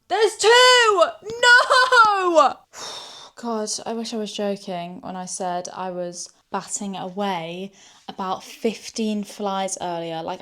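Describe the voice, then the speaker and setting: A woman in her twenties, hot and sweaty, chatting to camera in a rambling, self-deprecating way in her small house. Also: mid-range voice. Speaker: vlogger. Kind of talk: casual chatty vlog to camera.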